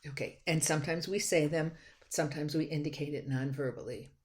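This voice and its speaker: Low-voiced woman giving a lecture. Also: steady tone, a little fast, a little mellow. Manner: conversational with frequent restarts and fillers. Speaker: college instructor. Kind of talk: recorded lecture on slides.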